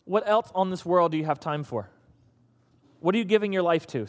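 High-voiced preacher in a reverberant hall. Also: male voice, a little fast, long pauses. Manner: conversational, teasing, exasperated. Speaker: pastor. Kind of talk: sermon.

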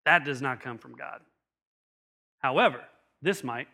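A middle-aged man, a pastor, preaching a sermon with animated storytelling and acted-out quotes. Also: mid-range voice, unhurried, gravelly.

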